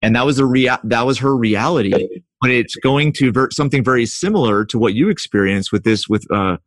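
A man hosting an interview, reflecting out loud and often restarting his sentences. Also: mid-range voice, a little fast, no room sound. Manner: thinks aloud, repeats and restarts words. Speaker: podcast host.

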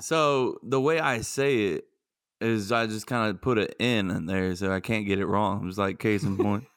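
A man's voice: fairly low pitch, normal speed, a bit bright, clean tone, dry recording, studio quality. A man co-hosting a casual podcast, joking, swearing and playing mock-defensive. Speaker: podcast co-host.

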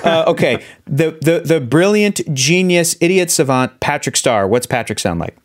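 A man hosting a podcast, his voice sitting a little high and sounding eager as he chats. He talks in a casual, friendly way, setting up topics and teasing out stories. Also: expressive, moderate pace. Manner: enthusiastic and chatty. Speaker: podcast host. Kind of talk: casual chat.

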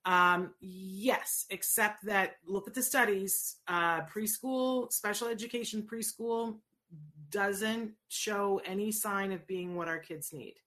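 Speaking slowly in a steady, medium-pitched voice with a sharp edge, a middle-aged woman hosts a casual advice show. She answers viewer questions earnestly and encouragingly, often slipping in rhetorical asides.

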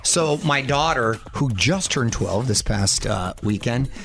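A man hosting a radio show, chatting casually and telling animated stories. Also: mid-range voice, unhurried, faint music behind. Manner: lively, animated storytelling with laughs.

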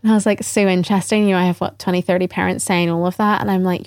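A woman's voice: fairly low pitch, level tone, racing, hardly any pauses, a little mellow, no room sound, studio quality. A middle-aged woman, speaking earnestly and reflectively as a podcast guest, often quoting what people said to her. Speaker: podcast guest, trainer and former teacher. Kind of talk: conversational interview.

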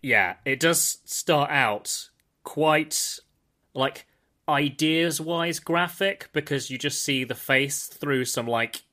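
A man's voice: on the high side, takes it slowly, sharp tone. A man co-hosting a film podcast, dry and teasing, correcting details. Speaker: podcast co-host. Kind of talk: casual film review chat.

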